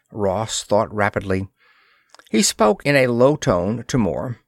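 A man reading a pulp science-fiction story aloud as narrator, in a steady storytelling manner. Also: on the low side, slow, dry recording, clean studio sound.

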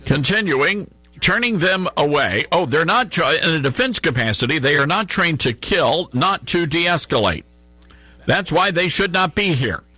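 A man's voice: a little high, animated, normal speed, bright, forceful tone, no echo, soft background music. A middle-aged man hosting a conservative talk radio show from a studio, sarcastic and mocking. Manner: sarcastic, mocking asides with chuckles. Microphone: studio microphone.

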